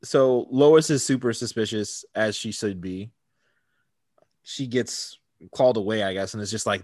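A man's voice: medium pitch, a little fast, slightly rough, no echo. Laid-back man recapping a show, dry sound. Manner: laughs often, relaxed storytelling. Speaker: podcast co-host. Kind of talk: casual chat recapping a TV episode.

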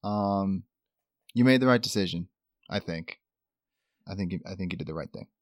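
Lowish guy rambling on a podcast, upbeat, super dry close sound. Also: moderate pace, no room sound. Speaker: podcast co-host. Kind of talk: casual chat.

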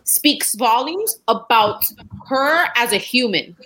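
A woman's voice: on the high side, expressive, takes it slowly, sharp tone, rough recording. A woman in casual chat, giving advice emphatically and laying out her points one by one.

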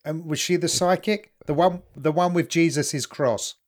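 A man's voice: on the high side, normal speed. A man in casual podcast chat, joking and incredulous, with casual swearing. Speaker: podcast co-host.

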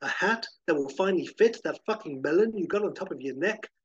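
A man voicing a tough, sardonic male detective who is gruff, sarcastic and swears. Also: high voice, lively intonation, a little fast, highs cut off, voice pushed up.

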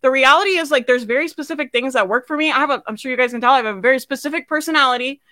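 Bright-voiced blunt woman business coach. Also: high voice, rapid-fire, few pauses, no echo. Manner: blunt, swears casually, laughs often; asks the audience questions. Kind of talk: live sales training.

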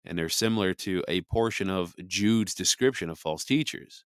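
A man's voice: deep voice, moderate pace, clear, resonant tone, no echo, clean studio sound. A man hosting a podcast, giving casual Bible commentary in a conversational, emphatic way, often saying "you know". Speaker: podcast host.

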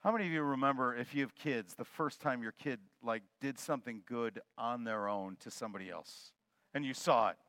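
A male pastor preaching a sermon in a loose, conversational and joking way, swinging between loud and soft. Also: mid-range voice, fairly quick, dry recording.

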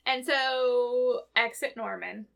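A woman's voice: a little high, slow, gravelly, fairly bright tone. An American woman in casual chat, retelling a TV episode scene by scene. She giggles often and acts out the characters' quotes.

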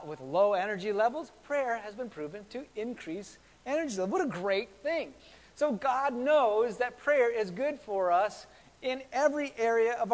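Male pastor, high voice, chatty sermon delivery with repeated words and questions, reverberant church sound. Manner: conversational, repeats words, asks the congregation questions.

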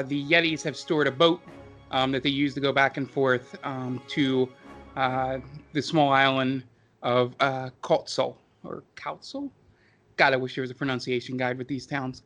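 A man narrates a tabletop game as game master in a fairly high, bright voice. He stops often with ums and uhs as he goes. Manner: halting, with many ums and uhs.

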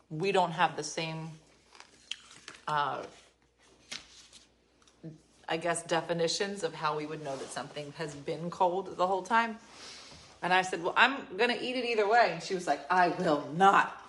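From her home, which is being renovated, a woman livestreams on her phone, chatting casually with viewers and telling stories full of exasperated asides. Her voice is on the low side and fairly bright, her pace measured with long pauses, and there's slight background noise.

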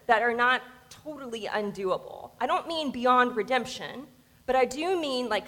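A woman's voice: a little high, pushed and bright. A woman pastor with a Southern American accent, giving a conversational sermon with informal storytelling and asides. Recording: long reverb of a church hall.

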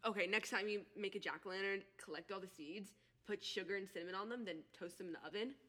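A teenage girl in a casual group chat, teasing friends with quick, laughing remarks. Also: medium pitch, pushed and bright. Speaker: group member.

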